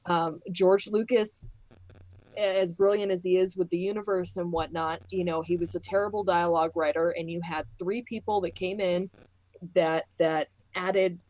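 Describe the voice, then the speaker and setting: A woman's voice: fairly low pitch, fairly even intonation, moderate pace, a little mellow, no room sound, low-quality recording. A woman co-hosting a casual podcast chat, thoughtful and opinionated. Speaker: podcast co-host.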